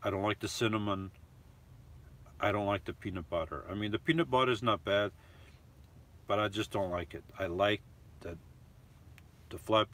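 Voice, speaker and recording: A man's voice: fairly low pitch, fairly bright tone. A man hosting a live stream from a camper van, reading viewer comments aloud and chatting about them in a loose, rambling way.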